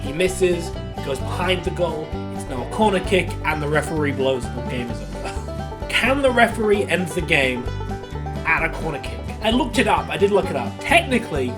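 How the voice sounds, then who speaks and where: A man's voice: a little high, lively intonation, moderate pace, music in the background. A man co-hosting a podcast, giving a sarcastic, laughing recap of an episode in casual chat. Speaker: podcast co-host.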